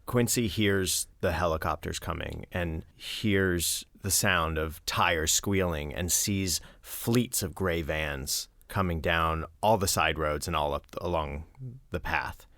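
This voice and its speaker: A man with a very deep voice narrates a tabletop scene, vivid but halting. The sound is close and dry. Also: fairly bright tone, no room sound. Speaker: game player.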